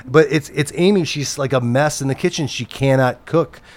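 A man's voice: medium pitch, moderate pace. Rambling, swearing male storyteller. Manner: rambling, many restarts and fillers, swears freely. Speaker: TV producer telling a story. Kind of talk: casual storytelling chat.

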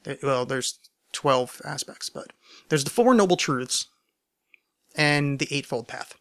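A man's voice: mid-range voice, lively intonation, a little slow, fairly bright tone. A man hosting a solo podcast, answering listener questions in a rambling, stammering, self-deprecating way, overcaffeinated. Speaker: podcast host.

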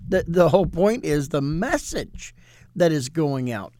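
A man who is a minister, talking in an animated, preachy way in a casual ministry discussion and quoting scripture with emphasis. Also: a little high, moderate pace, no room sound.

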